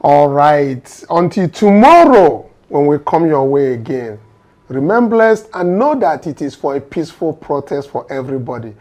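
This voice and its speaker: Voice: medium pitch, expressive, normal speed, mellow. A host with a Nigerian accent who drops into Pidgin and closes the show. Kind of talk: live talk show hosting.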